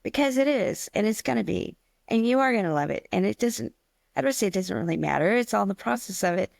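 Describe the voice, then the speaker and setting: A woman co-hosting a casual podcast chat, telling animated stories about teaching stained glass classes and acting out her students' worries. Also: mid-range voice, quick pace, vocal fry, no echo. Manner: chatty, animated storytelling with acted-out quotes.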